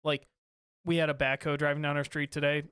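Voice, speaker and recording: A man's voice: on the high side, little pitch movement, fairly quick, fairly bright tone, clear, resonant tone, dry recording, clean studio sound. A man in his thirties, a father and podcast co-host, chatting casually with lots of fillers and restarts. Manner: rambling, many fillers and restarts. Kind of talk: casual chat.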